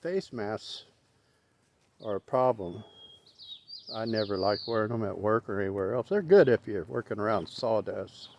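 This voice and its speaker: A man's voice: fairly low pitch, normal speed, darkish tone. A middle-aged man rambling in a casual vlog while out walking his dog, opinionated and plain-spoken. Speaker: vlogger.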